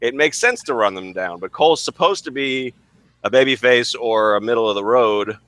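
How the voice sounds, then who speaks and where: A man's voice: medium pitch, animated, normal speed, fairly bright tone, no room sound. A man co-hosting a podcast, rambling and teasing, with frequent restarts. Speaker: podcast co-host. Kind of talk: casual podcast banter.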